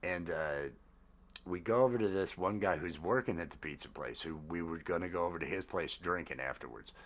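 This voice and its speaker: Host in his fifties, low-ish voice, rambling and laughing. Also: fairly bright tone. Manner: rambling, halting with fillers, laughs often. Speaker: podcast host. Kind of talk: casual chat.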